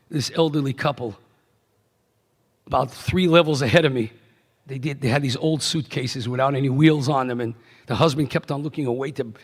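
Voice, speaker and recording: Middle-aged man, rabbi keynote, animated storytelling, high pitch, husky tone, echoey banquet hall. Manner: animated, swings from hushed to emphatic. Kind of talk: storytelling speech.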